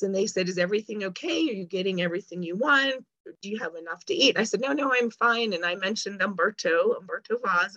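A woman's voice: mid-range voice, a bit bright, dry recording. Chatty woman telling a story, dull recording. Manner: chatty storyteller, acts out quoted lines. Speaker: guest. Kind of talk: casual chat.

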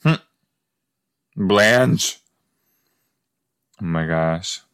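A man's voice: deep voice, very slow, a bit bright, clear, resonant tone. A man hosting a casual watch-along podcast, chatty and full of exclamations, often trailing off mid-thought. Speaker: podcast host reacting to a sitcom.

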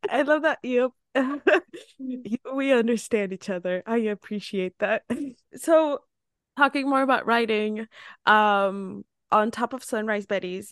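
A woman podcast host in casual interview chat, chatty and animated, laughing often as she tells stories. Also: on the high side, clean tone, no room sound, clean studio sound.

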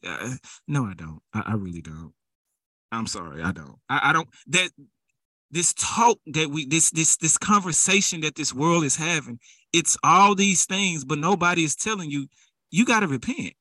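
Fervent male preacher, bright close voice. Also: mid-range voice, no echo. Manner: conversational, rising to fervent exhortation. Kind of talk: sermon.

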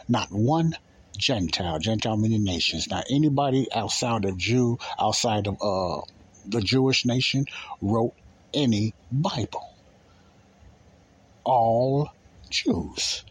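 A man's voice: fairly low pitch, expressive, measured pace, slightly rough, rough recording. A man preaching in a conversational style, repeating key phrases and pressing his listeners with rhetorical questions. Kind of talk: informal preaching.

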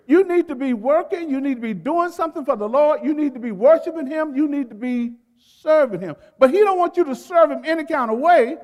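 Male pastor, very high voice, call-and-response sermon with emphatic stresses, long hall reverb. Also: lively intonation, darkish tone. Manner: call-and-response preaching, urging the congregation to repeat words; emphatic, drawn-out stresses on key phrases. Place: church sanctuary.

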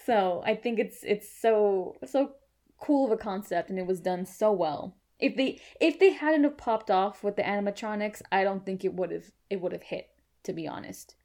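A woman chatting on a podcast about a film she loves. She gushes and swears freely, piling on fillers and restarts as she talks, in a relaxed, casual way. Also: medium pitch, moderate pace. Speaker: podcast co-host. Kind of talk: casual movie podcast chat.

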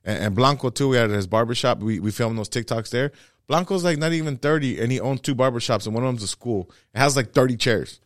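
A man who works as a stand-up comedian rattles through stories at a quick clip, acting out the people in them. His voice sits at an ordinary pitch. The recording is dry and close, with no room sound. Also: dry recording. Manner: animated storyteller, acts out other voices. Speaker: stand-up comedian, podcast guest. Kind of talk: casual podcast chat.

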